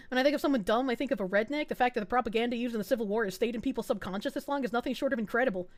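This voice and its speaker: A young adult woman VTuber streamer giving crude, excitable reaction commentary and laughing often. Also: on the high side, very fast, hardly any pauses.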